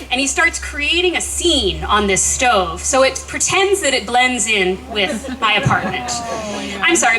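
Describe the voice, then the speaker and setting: A woman in her forties telling a lively, self-deprecating personal story at a memorial. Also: fairly high pitch, rough recording. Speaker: eulogist.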